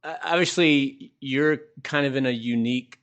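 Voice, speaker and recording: A man's voice: mid-range voice, a bit bright, clear, resonant tone, lo-fi sound. Teasing male podcast host. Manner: teasing, halting questions. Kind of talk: casual podcast interview.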